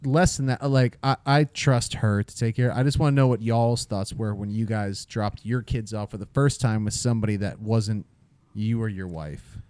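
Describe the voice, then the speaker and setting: A man in his thirties co-hosting a podcast, talking in a halting way with many filler pauses. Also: lowish voice, fairly even intonation, a little mellow, clear, resonant tone, no room sound. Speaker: podcast co-host. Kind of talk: casual chat.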